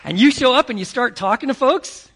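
A pastor preaching in a high, gravelly voice. He talks conversationally and animatedly, slipping into voices to act out his scenes. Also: lively intonation, a little fast, a bit bright. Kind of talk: sermon.

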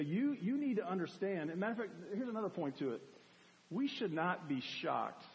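A man preaching a sermon as a pastor, animated, acting out cries for help to make his point. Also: a little high. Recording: long hall reverb.

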